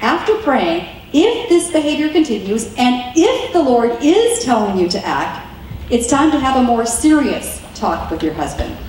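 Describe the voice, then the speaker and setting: A woman with a slightly high voice gives an earnest, chatty teaching talk, now and then acting out a line of dialogue. She is heard from a distance in a strongly echoing meeting room with a faint hum of ambience. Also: big pitch swings, unhurried, darkish tone. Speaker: speaker teaching wives. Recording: very echoey room from far off.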